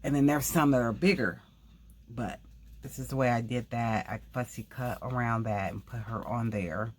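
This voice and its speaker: A woman hosting a craft video, talking quickly in a rambling, casual way and often correcting herself mid-sentence. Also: rumbling low, fairly even intonation, husky. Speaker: craft channel host. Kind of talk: casual craft tutorial chat.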